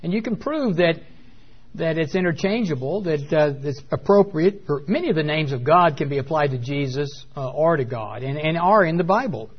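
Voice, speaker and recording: A man's voice: on the high side, lively intonation, normal speed, slightly rough. Hesitant man preaching on a dull recording. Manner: hesitant with many fillers, emphatic on key words. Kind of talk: Bible teaching sermon.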